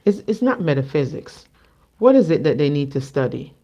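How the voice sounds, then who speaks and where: A woman from the Caribbean co-hosting a livestream, chatting casually and reading cards in an animated, playful way. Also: low-pitched, moderate pace, highs cut off. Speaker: co-host and card reader.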